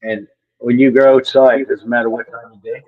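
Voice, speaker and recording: A man's voice: medium pitch, little pitch movement, a little fast. A man in casual chat, telling easygoing stories. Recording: dull lo-fi call audio.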